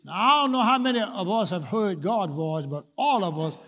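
A high-pitched man delivers a sermon. His emphatic preaching rises to loud, stressed lines and drops to quiet asides. He repeats phrases to build rhythm. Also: expressive, normal speed.

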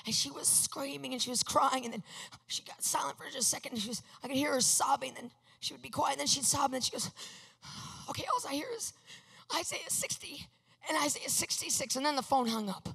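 Woman preacher, fairly high voice, emphatic testimony sermon, long hall reverb. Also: fairly even intonation, fast, gravelly, breathy edge. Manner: emphatic, swings from hushed to loud.

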